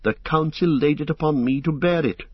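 A man's voice: on the high side, moderate pace, no echo, voice pushed up, natural voice. A man voicing a small, frightened but firm hobbit in an audiobook, hesitant and fearful. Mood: alarmed. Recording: slightly dull lo-fi recording.

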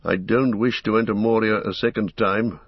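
A man's voice: on the low side, fairly even intonation, moderate pace, no room sound. A man reading the part of a weary, earnest ranger in an audiobook, speaking in a heavy, grim way. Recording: dull lo-fi recording.

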